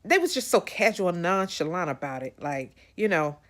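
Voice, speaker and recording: A woman hosting a podcast, telling a personal story to her listeners in an animated way, repeating phrases for emphasis. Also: fairly low pitch, moderate pace. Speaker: podcast host.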